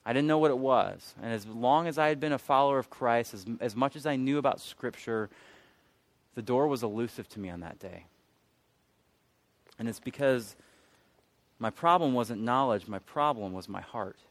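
A man's voice: mid-range voice, moderate pace, long pauses, dry recording. A man pastor preaching a sermon in a candid, self-mocking storytelling manner, with sudden emphatic peaks.

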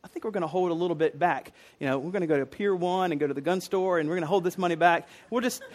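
A man's voice: high voice, rapid-fire, natural voice. A man preaching, voicing a scheming churchgoer who plots aloud in a chatty, conspiratorial way. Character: scheming church couple plotting to keep money.

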